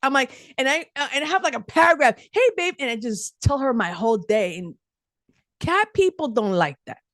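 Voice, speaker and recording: Woman comic, high and animated, dry close sound, rambling chatty delivery. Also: fairly quick, dry recording. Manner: chatty, rambling, lots of "like" and restarts. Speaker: stand-up comedian. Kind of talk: stand-up set. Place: virtual comedy show.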